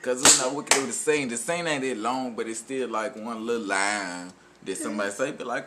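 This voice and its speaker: A man in casual chat, animated and laughing, trading movie lines with a friend. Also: medium pitch, fairly quick, few pauses, a little hiss or hum.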